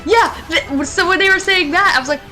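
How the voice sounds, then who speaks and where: Young woman, from Maine, bright voice, chatty, swears a lot, faint game music. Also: very high voice, fairly quick. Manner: chatty, laughing, swears freely. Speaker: streamer. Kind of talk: casual chat while gaming.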